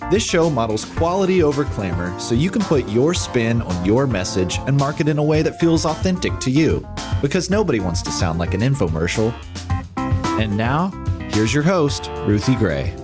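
A man's voice: mid-range voice, very animated, normal speed. Polished male announcer over guitar music. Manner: polished, promotional. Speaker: show announcer. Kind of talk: scripted announcer intro. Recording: music bed under voice.

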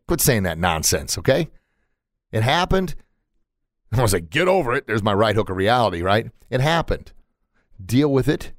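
A middle-aged man giving a motivational podcast monologue in a mid-range voice. He sounds folksy and emphatic, repeats himself, and jumps sharply upward on the lines he stresses. The recording is dry and close to the mic. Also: dry recording. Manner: emphatic, repetitive, folksy preaching with pitch leaps. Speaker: podcast host.

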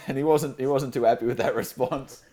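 A man's voice: mid-range voice, fairly even intonation, moderate pace, mellow. A man, a guest on the show, telling a casual story with fillers and frequent laughs. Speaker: podcast guest.

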